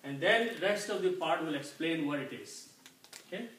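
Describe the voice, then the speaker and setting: A man teaching Quranic Arabic vocabulary, explaining each word slowly and patiently, often checking in with "Okay?". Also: on the high side, animated, fairly bright tone. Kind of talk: slow explanatory lesson. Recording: echoey room, mic at a distance, faint noise.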